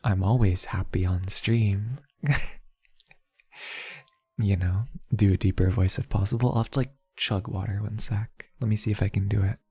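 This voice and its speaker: A soft-spoken young man chatting casually on an ASMR stream, playful and rambling, laughing often. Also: on the low side, steady tone, normal speed, pauses often, husky, dry recording. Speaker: VTuber streamer.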